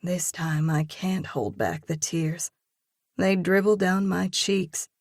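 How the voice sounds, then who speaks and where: A woman narrating a first-person audiobook in a steady, measured reading voice. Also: fairly low pitch, dry recording, studio quality.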